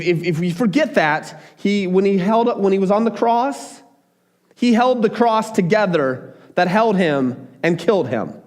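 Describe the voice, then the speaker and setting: Higher-voiced man preaching a sermon. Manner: animated, emphatic, with repeated restarts. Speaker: pastor.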